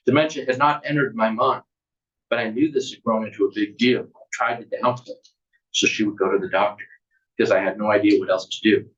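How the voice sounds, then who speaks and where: A man's voice: on the low side, fairly even intonation, fairly quick, fairly bright tone. A man, an author, reading aloud from his memoir in an earnest, plain way, with casual asides. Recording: distant, muffled recording.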